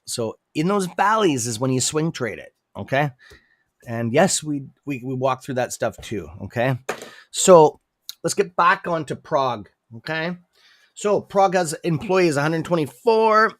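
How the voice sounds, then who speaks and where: A man's voice: a little high, expressive, a little slow, no room sound, clean studio sound. A man with an accent hosting a casual livestream about stocks, talking loosely and tagging lines with "okay?". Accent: non-native English accent. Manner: chatty, repeats "okay?", sudden outbursts. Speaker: stock trading streamer. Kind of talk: casual livestream market talk.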